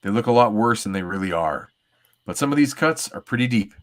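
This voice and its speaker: A man reading the lines of a calm adult woman telepath in a gentle, reassuring way, close to his own voice. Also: fairly low pitch, a little fast, natural voice.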